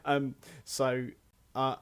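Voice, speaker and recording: A man hosting a casual podcast over a voice call, with a mid-pitched, everyday tone. He rambles, stumbles over his words and restarts his sentences often. He keeps it loose and chatty, with short chuckles. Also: monotone, drawn-out words, a bit bright, clean tone. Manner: rambling, self-correcting, chuckling. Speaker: podcast host. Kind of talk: casual chat.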